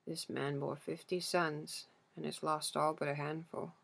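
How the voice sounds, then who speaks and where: A woman narrating a literary novel in the first person, in a slow, measured storytelling manner. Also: deep voice, flat delivery, vocal fry, a bit bright. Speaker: audiobook narrator.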